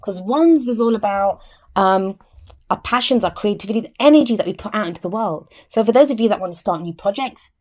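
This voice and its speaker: With an expressive, brisk mid-range voice, a woman explains each card during a casual tarot reading to camera. She is chatty, restarts her sentences frequently, and repeats "I always say," speaking into a nearby mic within arm's reach.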